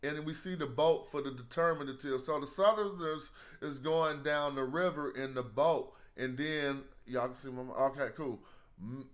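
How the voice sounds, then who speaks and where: A man's voice: medium pitch, normal speed. A man hosting a casual live study stream, thinking aloud in slang as he works through hieroglyphs.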